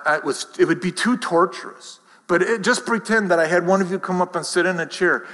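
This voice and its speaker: A man's voice: fairly high pitch, pushed and bright. A man preaching a sermon as pastor, conversational and self-deprecating, asking the congregation rhetorical questions. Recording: reverberant hall.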